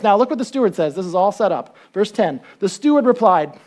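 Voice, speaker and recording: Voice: medium pitch, brisk, hardly any pauses. Pastor preaching casually, keeps asking the crowd questions, acts out bits of the story. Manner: conversational, asks the listeners questions; animated storytelling, acts out quotes. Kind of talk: sermon.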